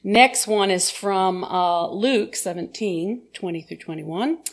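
A woman's voice: medium pitch, takes it slowly. A woman minister giving a sermon in a chatty, informal, self-deprecating way.

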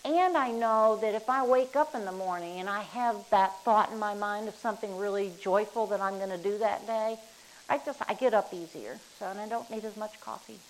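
A woman leading a casual group session, rambling and chatty and quick to laugh. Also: medium pitch, a little hiss or hum, rough recording. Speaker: workshop leader.

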